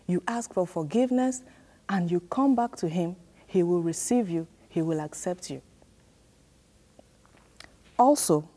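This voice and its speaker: A woman's voice: lowish voice, warm tone. A woman teaching a children's church sermon, repeating key lines and prompting the children to answer and repeat after her. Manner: repetitive, emphatic, call-and-response prompts.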